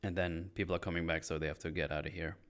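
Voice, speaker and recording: A man's voice: low-pitched, little pitch movement, fast talker, fairly bright tone. A man on a podcast, casually recapping a film scene by scene in a rambling way, full of fillers and restarts, with a loose, joking, self-deprecating manner. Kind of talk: casual chat.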